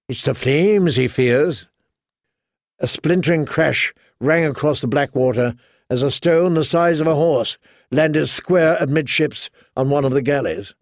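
A man narrating an audiobook in steady, dramatic storytelling. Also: a little high, no room sound, studio quality. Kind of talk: scripted narration.

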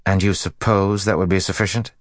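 A man's voice: low-pitched, flat delivery, fairly quick, dry recording, studio quality, voice pushed up, natural voice. A man voicing a grumbling, sarcastic young rogue in an audiobook. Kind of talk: audiobook character voice.

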